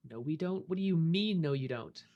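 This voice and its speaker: A man's voice: on the high side, animated, a little fast, muffled recording. A young man streaming a game, chatting loosely with his viewers and swearing casually. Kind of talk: casual live-stream chat while gaming.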